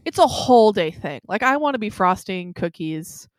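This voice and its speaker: A woman's voice: medium pitch, moderate pace, dry recording, clean studio sound. A young woman telling a story in casual chat, acting out the other people's lines as she goes. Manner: animated storyteller acting out quotes. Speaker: friend chatting.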